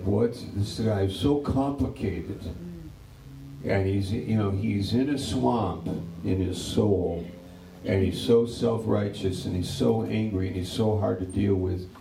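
Slow, gravelly preacher in a roomy hall. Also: male voice, fairly low pitch, a little hiss or hum. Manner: animated storytelling, acting out characters in dialogue. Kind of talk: conversational Bible teaching. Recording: roomy, from a distance.

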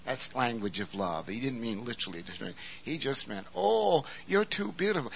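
A man preaching a sermon, swinging from quiet explanation to shouted emphasis. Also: medium pitch, animated, normal speed, gravelly, hardly any pauses, husky, poor audio.

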